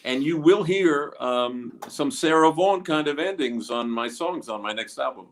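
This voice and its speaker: A man's voice: fairly high pitch, lively intonation, normal speed. Rambling man musician talking shop. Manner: rambling, with many fillers and restarts. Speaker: guest musician. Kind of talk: casual interview.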